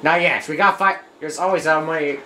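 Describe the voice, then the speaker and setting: Low-voiced woman casually playing a game. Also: brisk, sharp tone, roomy sound, a little hiss or hum. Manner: chatty, stumbling over her words, reading game lines aloud. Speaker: gameplay commentator. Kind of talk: casual let's-play commentary. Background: game music.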